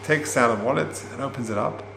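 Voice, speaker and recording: A man's voice: medium pitch, vocal fry. Man teaching a Torah class, roomy sound. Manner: explains Hebrew terms, unhurried storyteller with fillers. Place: classroom, also streamed online. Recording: roomy with faint hum.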